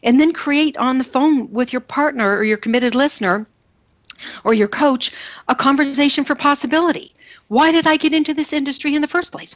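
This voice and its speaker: A woman's voice: high-pitched, no echo, muffled recording. A middle-aged woman, a film producer and coach, telling emphatic stories in an interview and acting out quoted voices. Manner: animated, acts out quotes with shifting voices; repetitive, emphatic storytelling. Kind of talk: conversational storytelling interview.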